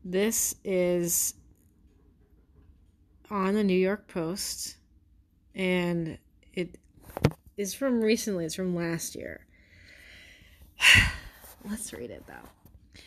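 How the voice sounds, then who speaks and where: A woman vlogger reading a news article aloud with sarcastic, exasperated commentary, swearing freely and slowing down to stress words she mocks. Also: on the low side.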